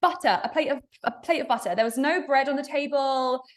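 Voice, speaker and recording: English woman guest, animated storyteller, casual chat, laughs a lot. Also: high voice, a little fast. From England. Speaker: podcast guest. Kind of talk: casual conversational interview.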